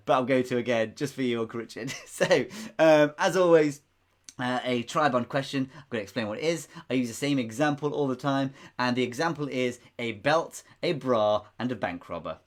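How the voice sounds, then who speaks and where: A man hosting a live online pub quiz, chatty and rambling, repeating himself and chuckling often. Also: mid-range voice. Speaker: quiz host.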